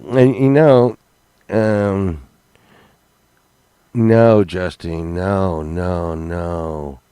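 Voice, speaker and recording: A man telling rambling comic stories in a halting way, full of fillers and restarts. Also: deep voice, mellow, clear, resonant tone, dry recording. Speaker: comedy podcast host.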